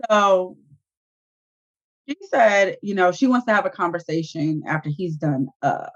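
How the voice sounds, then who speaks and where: A woman, co-hosting a casual reality-show review and retelling scenes with sassy, animated asides. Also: fairly low pitch. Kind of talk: casual chat. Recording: dull lo-fi audio.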